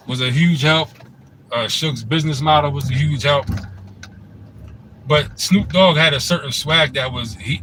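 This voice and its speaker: A man's voice: fairly high pitch, fairly bright tone, poor audio. Laid-back man rambling over background noise. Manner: laid-back, rambling, frequent "you know what I'm saying". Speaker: host of a commentary channel. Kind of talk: casual commentary monologue.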